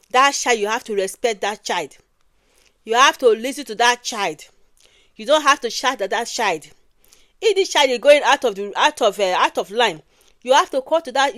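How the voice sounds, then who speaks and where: A woman's voice: a little high, a bit bright, no echo. A woman from Nigeria with a Nigerian accent giving emphatic casual commentary, repeating phrases and ending lines with "oh".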